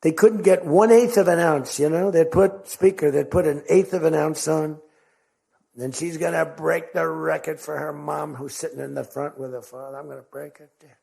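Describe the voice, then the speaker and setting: A man's voice: a little high, steady tone, moderate pace, creaky, a little mellow, slightly rough. An older American man giving a rambling speech to a crowd, telling stories and acting out quotes. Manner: rambling, repetitive storytelling with acted-out quotes.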